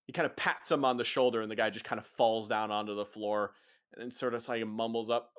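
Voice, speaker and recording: A man's voice: on the low side, fairly even intonation, moderate pace, a bit bright, clean tone. A man narrating as game master of a tabletop roleplay, in a casual and loose way. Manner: casual, loose narration full of kinda and sorta.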